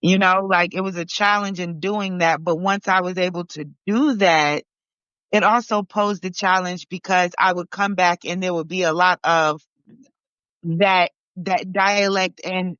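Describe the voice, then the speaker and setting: A woman's voice: fairly low pitch, steady tone, a little slow, a bit bright, clear, resonant tone, no room sound. A woman from Barbados and New York talking casually, rambling with many fillers and restarts. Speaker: podcast participant. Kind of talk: casual conversation. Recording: dull lo-fi.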